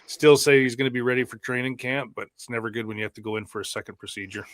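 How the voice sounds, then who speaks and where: A man's voice: mid-range voice, fairly even intonation, fast, a bit bright, dry recording. A man co-hosting a football podcast, chatting casually and swearing now and then as he explains news to listeners. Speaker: podcast co-host. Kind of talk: casual chat.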